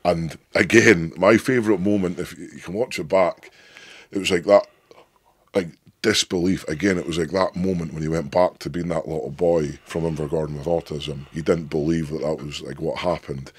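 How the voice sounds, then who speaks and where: A Scottish man in his thirties with a deep voice, a guest telling stories in a rambling, sweary, emphatic way. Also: steady tone, moderate pace, husky, no echo. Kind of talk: casual interview chat.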